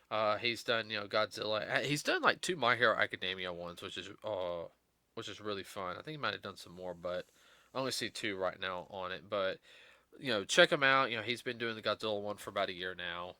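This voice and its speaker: A man's voice: on the low side, bright, forceful tone, no room sound. A middle-aged man hosting a podcast, rambling in casual chat with many restarts and fillers. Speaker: podcast host.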